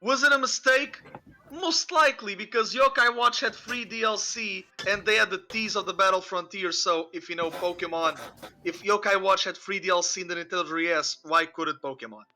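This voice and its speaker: Faint music and a little hiss or hum accompany this man as he hosts a podcast. His voice is high-pitched, pushed and bright, moving at a moderate pace through rambling casual talk full of fillers, restarts and "you know."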